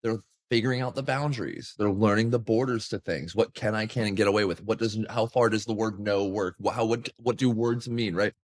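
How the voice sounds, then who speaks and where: A man's voice: steady tone, brisk, few pauses. A man co-hosting a casual podcast chat, rambling with lots of fillers and casual swearing. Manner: rambling, filler-heavy, acts out quotes in sudden high voices. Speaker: podcast co-host.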